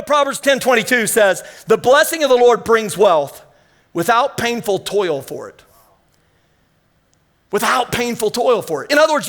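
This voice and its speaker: High-pitched guy preaching in church, fired up, tells stories. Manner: energetic, storytelling, fired up. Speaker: guest preacher. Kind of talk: sermon. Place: church sanctuary.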